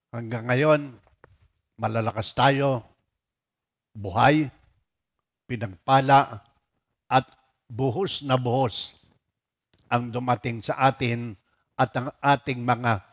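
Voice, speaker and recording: A man's voice: mid-range voice, steady tone. A male pastor, praying and preaching in a mix of Tagalog and English. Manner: slow and deliberate, mixing Tagalog and English. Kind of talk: sermon and prayer.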